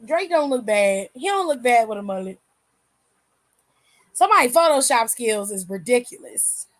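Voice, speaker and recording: Woman, high voice, AAVE, casual livestream host, candid and profane, dry room. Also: lively intonation, moderate pace, no echo. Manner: candid, swears freely, laughs often. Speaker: aftershow host reading chat.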